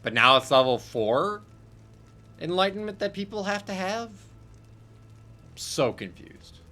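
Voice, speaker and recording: A gaming host in his casual playthrough talk has a bright, forceful voice. He reacts out loud and swears as he plays, and bursts of excitement break up his musing. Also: high-pitched, measured pace, slight background noise. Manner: excitable, swears, thinks aloud. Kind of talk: casual let's-play commentary.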